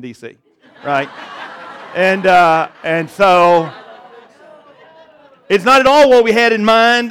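A man's voice: high voice, a bit bright. A man preaching a sermon to a church congregation, conversational and self-deprecating, often checking in with "right?". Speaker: pastor. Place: church service before a congregation.

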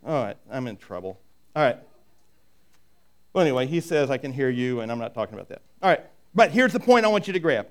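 A man's voice: mid-range voice, sing-song, fast talker. A middle-aged man preaching a sermon in a conversational way, often asking "right?" and acting out quoted voices. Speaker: pastor.

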